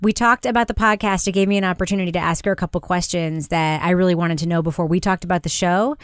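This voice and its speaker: A woman's voice: fairly low pitch, fairly even intonation, fast, smooth, dry recording, clean studio sound. Chatty woman hosting a podcast. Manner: chatty, leads the discussion. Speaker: podcast host. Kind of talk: casual chat.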